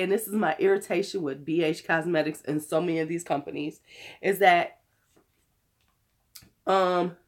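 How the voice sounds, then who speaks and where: Hoarse woman in her fifties, blunt casual beauty vlogger. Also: medium pitch. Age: 50s. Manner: blunt, cursing, chatty. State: hoarse from illness. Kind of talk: casual chat to camera.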